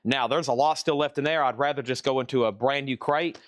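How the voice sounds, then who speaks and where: A man's voice: medium pitch, fairly quick, no room sound. A man hosting a live-stream vinyl record sale, chatting casually as he reels off prices, grades and bidder names. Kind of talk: live-stream auction chat.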